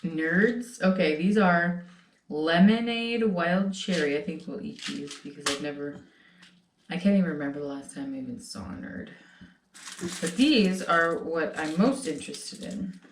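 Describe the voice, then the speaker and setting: A woman with a slightly low voice tells stories in an animated, casual way. She sits a bit back from the mic in a roomy space with a faint hiss underneath. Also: measured pace, recorded from a distance. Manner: animated storytelling. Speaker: host. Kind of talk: casual chat.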